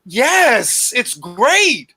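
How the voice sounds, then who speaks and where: Man, high voice, very lively pitch, bright, animated casual boxing chat. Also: extremely slow, breathy edge, dry recording. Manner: animated, repeats himself for emphasis. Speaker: boxing show co-host.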